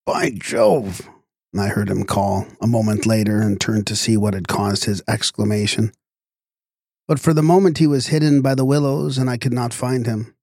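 A man narrating a literary story in a measured, expressive storytelling manner. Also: on the low side, gravelly, dry recording, studio quality.

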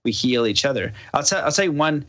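Bright-voiced man telling a story. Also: medium pitch, quick pace. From Canada. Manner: animated, acts out quoted dialogue. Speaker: podcast guest. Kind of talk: casual storytelling.

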